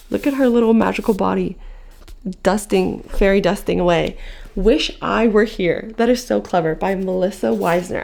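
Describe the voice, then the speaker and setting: A young woman talks casually and tiredly from her bedroom, in a book vlog full of chatty fillers. Her voice has a gravelly, creaky edge, sitting at an ordinary middle pitch. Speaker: book vlogger.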